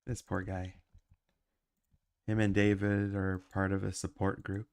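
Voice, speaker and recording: A man's voice: low voice, completely flat delivery, measured pace, vocal fry, a little mellow, clean tone, dry recording. A man who is sick with a cough, chatting casually while he livestreams his animation work and rambling with lots of ums and uhs.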